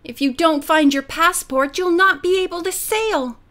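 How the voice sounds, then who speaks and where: A woman's voice: very high-pitched, moderate pace, sharp tone, pitched above the performer's own voice. A woman voicing a worried, doleful middle-aged housekeeper in an audiobook. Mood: fretful.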